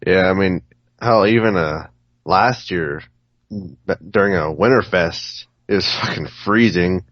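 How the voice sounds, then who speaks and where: A man's voice: low voice, unhurried, no echo. A man co-hosting a podcast, chatting in a laid-back way and swearing casually. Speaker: podcast co-host. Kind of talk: casual chat. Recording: dry, dull lo-fi podcast audio.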